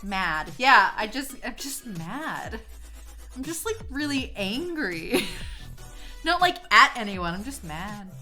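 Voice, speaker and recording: A young woman streaming while she draws, gushing excitably, swearing a lot, laughing often and trailing off mid-sentence. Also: on the high side, takes it slowly, soft background music. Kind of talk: casual live-stream chat while drawing.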